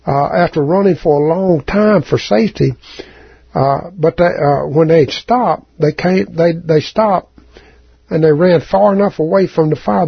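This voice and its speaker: A man preaching a sermon as a folksy, halting story, with a raspy voice and many restarts. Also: on the high side, no echo, muffled recording. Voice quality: raspy, gravelly.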